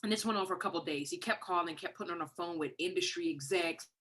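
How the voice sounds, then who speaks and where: Guest spot: middle-aged Detroit woman, lower pitch, bright forceful tone, lively storyteller on a video call. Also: fast. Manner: animated, acts out quoted voices. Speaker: guest songwriter. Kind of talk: casual storytelling.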